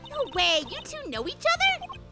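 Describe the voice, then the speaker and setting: A woman voicing a perky, eager young female assistant, with loud game music behind. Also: extremely high pitch, sing-song, normal speed. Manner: bubbly, eager.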